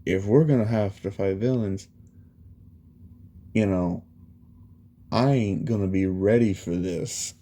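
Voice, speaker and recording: A man's voice: lowish voice, takes it slowly, pauses often, dark tone. A man voicing an anxious teenage boy hero student in a rattled, blurting way. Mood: worried.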